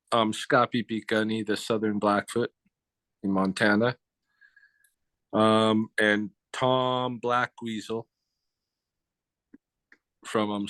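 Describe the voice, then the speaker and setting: A man's voice: lowish voice, a bit bright, no room sound. A man being interviewed, telling a story in casual speech, blunt and profane with slang.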